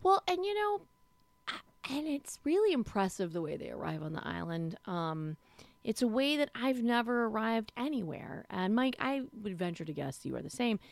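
A woman's voice: a little high, big pitch swings, normal speed, creaky, dry recording. A woman co-hosting a film podcast, talking casually and rambling with plenty of fillers. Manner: chatty, rambling, lots of fillers. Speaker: podcast co-host.

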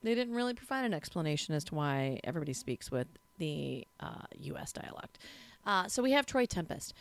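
A woman co-hosting a podcast in casual chat, talking in an expressive, chatty way with frequent restarts. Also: low voice, brisk, vocal fry. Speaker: podcast co-host.

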